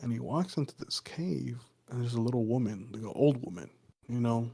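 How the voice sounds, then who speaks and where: A man's voice: mid-range voice, a little fast, vocal fry, mellow, breathy edge. A man casually telling a folk story on a podcast, swearing often and rambling with lots of fillers. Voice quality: loose, profane, rambling with many fillers. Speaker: podcast co-host.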